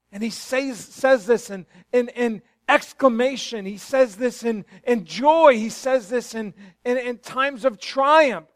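A middle-aged man preaches a sermon in a church sanctuary, his voice sitting high for a man. He swings between quiet, hushed storytelling and loud, fervent exclamations. The sound is dry and close, with little room echo. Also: slow pace, hardly any pauses. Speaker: pastor.

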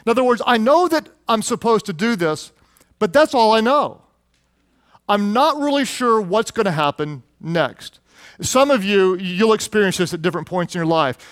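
Animated high-voiced male pastor preaching. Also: moderate pace, no room sound. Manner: animated storytelling, acts out quotes in a high excited voice. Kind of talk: sermon.

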